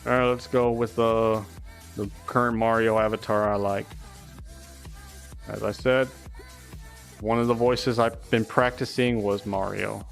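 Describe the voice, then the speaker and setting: A man's voice: fairly low pitch, flat delivery, measured pace, gravelly, long pauses, faint music behind. A young man chatting casually and rambling on a live stream, swearing often.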